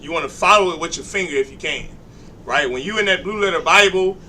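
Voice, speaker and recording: Bright-voiced man coaching a reader. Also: a little high, a little hiss or hum. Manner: encouraging, coaching a reader and correcting pronunciation. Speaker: teacher. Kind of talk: classroom instruction.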